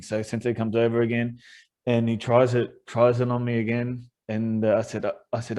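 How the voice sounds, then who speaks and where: A man's voice: mid-range voice, monotone, normal speed, darkish tone. A man hosting a podcast, telling stories in a casual, rambling way and laughing often. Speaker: podcast host. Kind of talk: casual chat.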